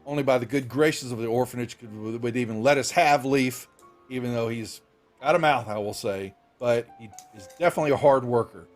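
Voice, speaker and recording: A man's voice: medium pitch, a little fast, faint music behind, close to an everyday voice. A man voicing a tired, disheveled middle-aged guild master who talks in a weary, pleading way.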